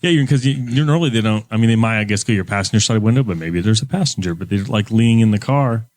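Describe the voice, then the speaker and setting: A man's voice: on the low side, fast talker, a little mellow, no room sound. A man co-hosting a podcast, rambling through his thoughts in casual chat. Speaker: podcast co-host.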